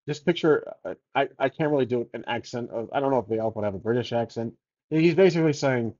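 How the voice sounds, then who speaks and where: A man's voice: mid-range voice, lively intonation, fast talker, warm tone, lo-fi sound. A man narrating his solo tabletop game, casually thinking aloud and rolling odds for each choice.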